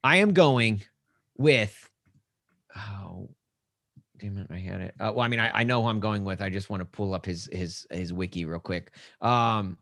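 A man's voice: moderate pace, a bit bright, no echo, studio quality. Jokey rambling male podcast host. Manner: rambling and jokey, acts out mock dialogue in higher voices. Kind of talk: casual sports podcast banter.

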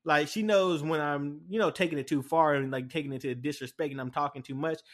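A man's voice: on the high side, steady tone, a little fast. A young man hosting a casual solo podcast, telling stories in a rambling way with many fillers and restarts. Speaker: podcast host.

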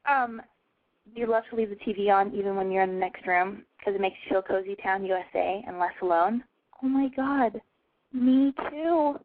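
A woman's voice: mid-range voice, moderate pace, no echo. A young woman hosting a casual call-in radio show from home, talking in a brash, profane, self-mocking way. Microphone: home mic over a call-in line. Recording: dry, tinny phone-line sound.

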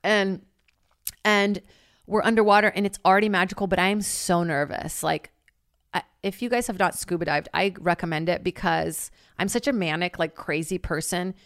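A woman's voice: lowish voice, moderate pace, fairly bright tone, no echo, clean studio sound. A young woman telling stories in casual chat, rambling with lots of "like" and laughing often.

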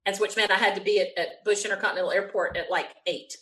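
A woman with a Southern US accent, a guest telling an animated story, laughing often and acting out what people said. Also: medium pitch, very fast. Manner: lively, frequent laughs, acts out quotes.

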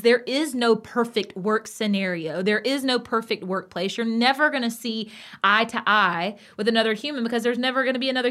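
A woman, co-hosting a casual podcast chat and talking in an emphatic, passionate, animated way. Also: a little high. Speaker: podcast co-host.

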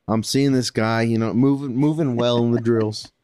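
A man's voice: mid-range voice, fairly even intonation, moderate pace, a little mellow, clear, resonant tone. A young man telling an eager, rambling story among friends, stumbling and restarting. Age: young adult. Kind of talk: casual drunk storytelling.

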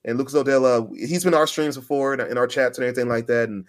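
A man chatting on a podcast who talks quickly and keeps the story rolling. He is an animated storyteller, acting out the voices of people he quotes, and sits at a middling pitch for a man. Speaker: podcast co-host. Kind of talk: casual chat.

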